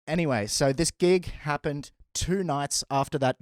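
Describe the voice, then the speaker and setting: A man and stand-up comedian telling a story in a casual, animated way, often laughing as he goes. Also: fairly high pitch, moderate pace, clear, resonant tone, dry recording.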